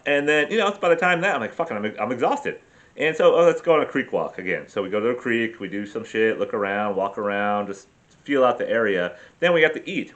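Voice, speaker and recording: A man talks loosely and at length, with plenty of swearing and self-mocking asides. His pitch sits in the middle range for a man. He speaks in a casual, unscripted vlog style. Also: a bit bright, highs cut off. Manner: profane, rambling, self-deprecating storyteller. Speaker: vlogger. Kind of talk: rambling casual travel vlog.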